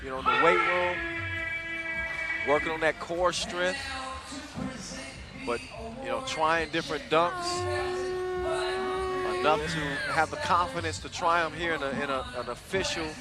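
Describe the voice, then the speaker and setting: A man's voice: a little high, sing-song, unhurried, long pauses. A male sports commentator recapping a dunk contest and previewing the final in a hyped, playful way with casual slang. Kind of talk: event commentary. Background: music.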